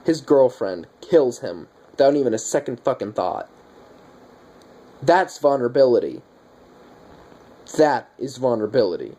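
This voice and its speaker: A man's voice: medium pitch, big pitch swings, a little slow, long pauses, warm tone. Profane, exasperated young male movie ranter. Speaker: movie reviewer. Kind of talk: casual ranting movie review.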